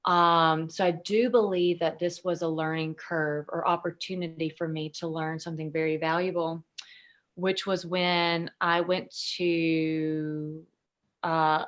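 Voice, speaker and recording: A woman speaking as a podcast guest, telling personal stories candidly, emotional, with plenty of fillers and free swearing. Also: fairly low pitch. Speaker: podcast guest, intuitive consultant. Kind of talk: candid conversational storytelling.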